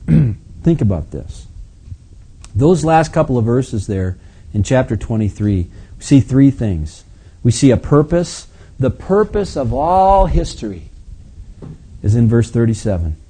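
A man preaches a sermon in a very dark, mellow voice with a slightly husky grain. He talks through scripture, dropping to quiet asides and then building to loud, forceful readings. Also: lively intonation, normal speed. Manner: preaching with big swings in volume and pitch, reading scripture aloud forcefully. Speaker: pastor.

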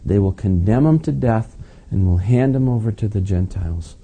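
Man, pastor, conversational sermon, folksy asides, warm tone, slightly raspy. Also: fairly low pitch, normal speed.

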